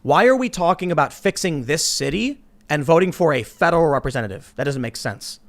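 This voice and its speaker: Man, host, fast talker, lively pitch, emphatic, debating. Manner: fast, emphatic, argumentative, interrupts. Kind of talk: political panel debate.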